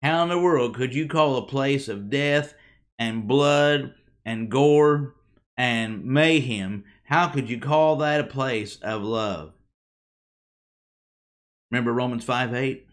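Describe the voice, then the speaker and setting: A man delivers a sermon to his congregation at a medium pitch, speaking emphatically. He uses dramatic pauses and rhetorical questions, and his phrases trail off at the end.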